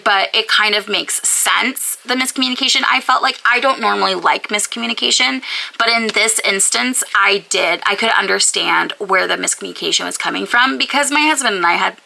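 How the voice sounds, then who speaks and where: On a low-quality recording, a female book vlogger speaks to camera at a moderate pace in a mid-range voice that is creaky, bright and forceful. Her casual talk gushes, leans heavily on "like," and occasionally falls to a whisper to stress a point.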